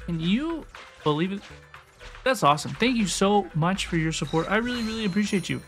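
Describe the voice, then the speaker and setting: A man's voice: high voice, lively intonation, a little fast, soft background music. A man livestreaming a game, chatting with viewers, thanking subscribers and griping about the level design. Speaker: streamer. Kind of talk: casual gameplay livestream chat.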